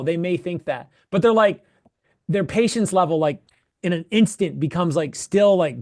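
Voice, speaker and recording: Animated, high-voiced sales coach man. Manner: animated, profane, quick bursts of repeated phrases. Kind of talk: coaching feedback in casual chat.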